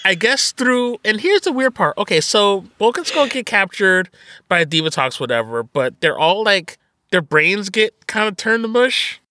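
Bright-voiced man chatting, dry sound. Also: high voice, normal speed, no echo. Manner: animated, profane, laughs often. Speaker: podcast co-host. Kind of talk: casual movie review chat.

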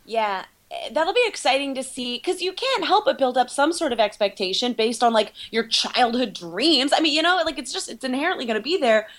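A woman talks as a podcast guest in relaxed, joking conversation. Her voice sits a little high and she keeps it light and casual. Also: a little fast, hardly any pauses. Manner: jokey, laughing, easygoing. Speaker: podcast guest, video producer. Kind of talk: casual interview chat.

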